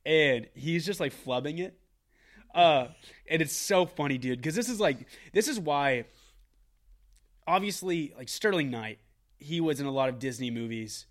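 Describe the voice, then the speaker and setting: Guy in his twenties-ish chatting about a movie, kinda high voice, lively, swears a lot. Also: measured pace. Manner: animated, quotes film lines in put-on voices, swears casually. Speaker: movie review podcast co-host. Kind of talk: casual chat.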